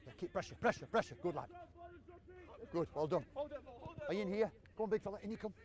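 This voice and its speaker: A man running an on-pitch football coaching session outdoors, calling out brisk, encouraging commands to his players. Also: darkish tone.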